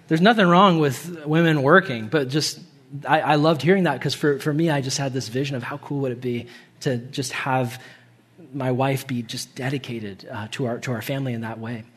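A young man preaching a sermon in a church, casual and animated, laughing often and acting out quotes in a higher voice. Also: moderate pace, husky. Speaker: pastor. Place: church hall.

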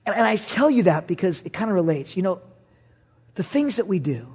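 A middle-aged pastor with a husky voice preaches in a high register. He keeps it conversational and joking, slipping in acted-out quotes between his points. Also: sing-song, brisk, a little mellow. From Southern California. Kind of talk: sermon.

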